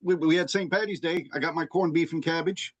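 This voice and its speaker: A man's voice: a little high, steady tone, fairly quick, highs cut off. A man co-hosting a podcast in casual chat, telling stories in a rambling, profane way full of restarts. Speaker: podcast co-host.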